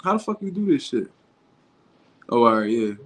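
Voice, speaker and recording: A man's voice: mid-range voice, big pitch swings, moderate pace, a bit bright. A man talking casually on his own livestream, in loose street slang and often restarting his sentences. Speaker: boxing commentary YouTuber.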